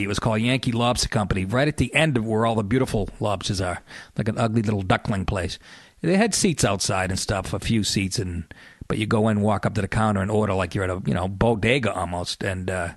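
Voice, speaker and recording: A man's voice: mid-range voice, no room sound, studio quality. A man with a Boston accent, a comedian hosting his podcast in a profane, rambling comic monologue. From Massachusetts.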